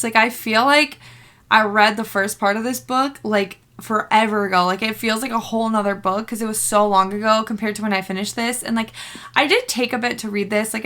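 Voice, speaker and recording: A woman's voice: on the high side, sharp tone. A young woman chatting in a casual book vlog, bubbly and rambling, full of fillers and laughter. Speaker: book vlogger. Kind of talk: casual reading-reaction vlog.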